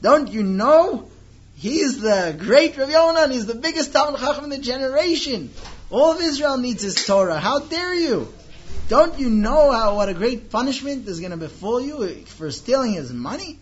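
Man playing an angry strongman scolding thieves, high and loud, slightly muffled recording. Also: animated, normal speed, slight background noise. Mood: furious. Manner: shouting indignantly.

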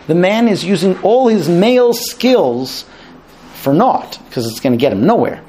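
A man's voice: sits high, unhurried, slight background noise. A man teaching a class about marriage and conversation, acting out both sides of husband-and-wife exchanges. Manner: animated, acts out both sides of dialogues. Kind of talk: lecture to a class.

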